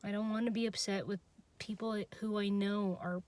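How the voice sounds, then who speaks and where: A young woman venting her frustration in an unscripted personal vlog, halting and restarting, trailing off and laughing at herself. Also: medium pitch, steady tone, darkish tone, no room sound. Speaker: vlogger.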